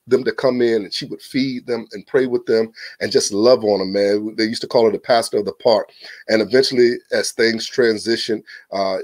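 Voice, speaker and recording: Southern-accented pastor, lively storyteller. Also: male voice, fairly low pitch, dry recording. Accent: Southern US, Virginia. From Virginia. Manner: animated, exclamatory, storytelling, frequent restarts. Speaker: pastor, podcast guest. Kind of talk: casual church podcast interview.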